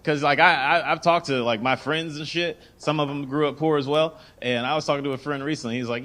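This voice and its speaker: A man doing a stand-up comedy set on a club stage. He tells his stories in an animated, swearing style into a handheld mic. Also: a little high, a little fast, hardly any pauses, a little hiss or hum.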